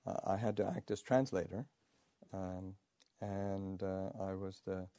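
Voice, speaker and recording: A Buddhist monk, a man, telling a teaching story in a halting way, full of fillers and restarts, with soft chuckles. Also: low voice, steady tone, no echo, clean studio sound. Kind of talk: storytelling dharma talk.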